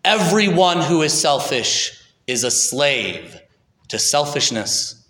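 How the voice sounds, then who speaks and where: Man doing a firm, measured male teacher, grave and unhurried, bright tone, echoey hall. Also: fairly high pitch, sing-song, full character voice. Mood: solemn. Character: calm, firm male teacher speaking with authority. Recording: echoey hall with long reverb.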